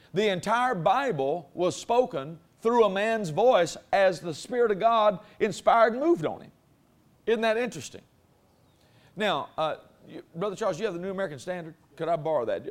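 A man preaching a sermon to a congregation in a folksy, conversational way that builds in force. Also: fairly high pitch. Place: church before a congregation.

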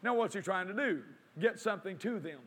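A man with a high voice preaches to a congregation. He quotes scripture and answers his own questions. His emphasis builds as he goes. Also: lively intonation, brisk, fairly bright tone. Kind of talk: sermon.

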